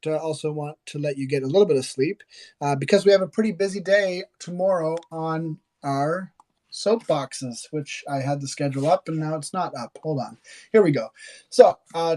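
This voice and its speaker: A man's voice: on the high side, darkish tone. A man from Canada hosting a live audio chat, joking and rambling with filler words. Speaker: host.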